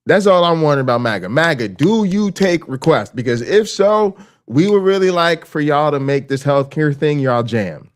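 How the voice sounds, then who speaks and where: On his casual reaction stream, the host swears freely and stays animated throughout. His delivery moves from hushed, low murmuring to rapid bursts of excited ranting.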